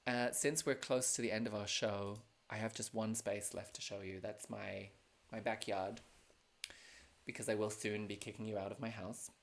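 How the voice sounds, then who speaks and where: A drag show host talking casually from home, a man with a lowish, gravelly voice. He rambles through plugs and introductions with filler words and self-mocking jokes. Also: steady tone, moderate pace. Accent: non-American. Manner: self-deprecating, joking, many fillers. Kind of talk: casual livestream hosting.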